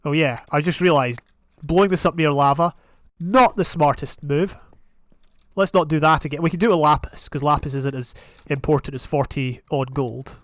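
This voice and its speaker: A young man giving casual, rambling commentary on his own gameplay, with sudden excited outbursts. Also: on the high side, normal speed, no room sound. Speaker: gaming channel host.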